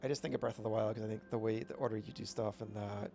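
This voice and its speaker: A man's voice: lowish voice, fairly even intonation, quick pace, vocal fry, dark tone, faint music behind. A man streaming a video game, chatting casually with rambling, upbeat commentary. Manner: rambling, self-correcting, upbeat.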